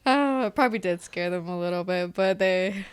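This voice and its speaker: A woman's voice: fairly low pitch, normal speed, smooth. A woman in her thirties co-hosting a podcast, chatting casually and laughing often as she tells family stories. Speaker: podcast co-host. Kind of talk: casual chat.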